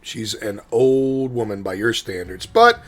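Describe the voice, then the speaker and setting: A man narrating a tabletop game as game master, describing scenes in a relaxed, meandering way with frequent pauses. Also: on the low side. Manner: relaxed, descriptive, with many ums and restarts.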